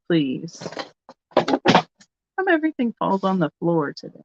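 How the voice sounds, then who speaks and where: A woman's voice: fairly low pitch, very animated, slow, gravelly, long pauses, heavy background noise. A woman hosting a live online vintage sale, chatting casually and thinking aloud as she shows items and takes bids. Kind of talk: casual live auction chat. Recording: slightly dull, lo-fi sound.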